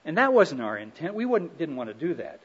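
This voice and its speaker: A middle-aged man giving a relaxed, folksy talk on marriage, telling stories with gentle humor. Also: fairly high pitch, brisk, husky. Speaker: speaker on marriage. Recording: dull lo-fi recording.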